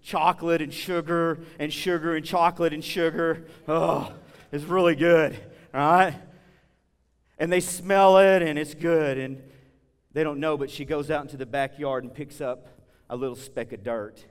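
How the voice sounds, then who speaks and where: A man preaching a sermon in a church, telling stories in a conversational, animated way with big swings between loud and soft. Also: fairly high pitch, measured pace, clean tone, long reverb tail. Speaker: guest preacher. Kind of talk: sermon with storytelling. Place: church sanctuary.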